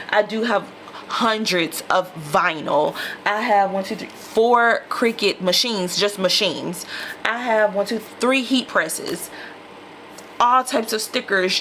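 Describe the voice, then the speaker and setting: Slow-talking woman unboxing, chatting to viewers. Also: mid-range voice, a bit bright, slight background noise. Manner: chatty, addresses viewers as y'all. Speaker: lifestyle vlogger. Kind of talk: casual unboxing chat.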